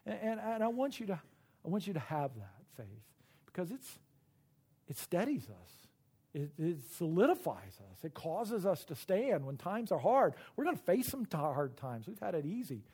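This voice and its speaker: A middle-aged man preaching a sermon, earnest and emotional, often halting and repeating words. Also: high voice, big pitch swings, warm tone, breathy edge. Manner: earnest and personal. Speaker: pastor.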